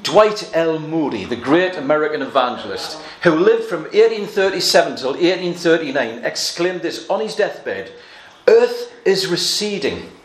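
A man preaching a sermon, earnest and emphatic, slowing down to stress quoted verses. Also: fairly high pitch, expressive, echoey room.

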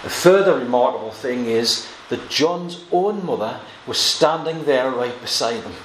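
A man preaching an expository Bible sermon, earnest, moving between quiet reading of scripture and emphatic exclamations. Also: mid-range voice, lively intonation, unhurried. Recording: echoey room with faint ambient noise.

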